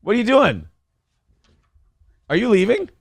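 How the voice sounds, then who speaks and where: A middle-aged man hosts a live stream and reads comments in a wry, teasing voice. His pitch sits a bit high and swings a lot. The sound is dry and close. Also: huge pitch swings, measured pace, vocal fry, dry recording. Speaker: host of a live streamed show. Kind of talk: live stream hosting, reading paid comments.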